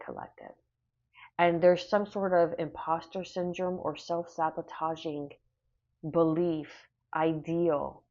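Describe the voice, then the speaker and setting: Low-voiced woman giving a rambling tarot reading. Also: mellow, highs cut off. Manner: rambling, reassuring, many fillers. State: hiccuping. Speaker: tarot reader. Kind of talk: casual spoken tarot reading.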